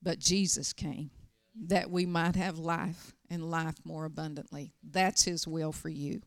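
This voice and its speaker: A woman's voice: low voice, steady tone, measured pace, no echo, clean studio sound. A middle-aged woman pastor preaching a sermon, telling stories with emphatic, urgent bursts. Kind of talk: sermon with personal storytelling.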